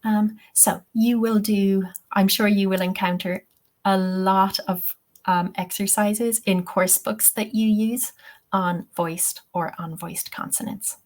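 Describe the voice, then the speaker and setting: A woman's voice: mid-range voice, measured pace, darkish tone. A woman teaching English-teacher trainees in a webinar, explaining patiently step by step and often saying "okay" and "um". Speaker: TEFL trainer.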